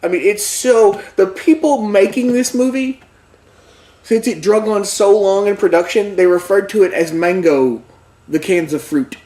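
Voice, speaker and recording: A man with a fairly high voice, talking casually as he rambles through a movie plot with joking asides. The recording has a noticeable roomy echo around him. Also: a little slow, a little mellow. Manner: rambling, jokey storytelling with asides. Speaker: podcast co-host. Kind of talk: casual movie recap chat.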